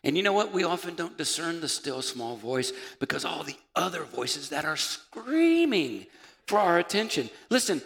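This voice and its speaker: A man preaching a sermon as pastor, building from quiet reflection to fervent shouting. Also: fairly high pitch, very animated, normal speed, gravelly. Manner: impassioned preaching, rising to shouts. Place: church sanctuary. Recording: reverberant church hall.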